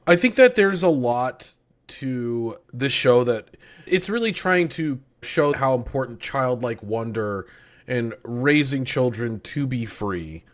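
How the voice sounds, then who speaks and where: A man's voice: mid-range voice, lively intonation, takes it slowly. A man co-hosting a podcast, chatting about an anime in a rambling, dry and joking way. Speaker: podcast co-host. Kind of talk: casual anime review chat.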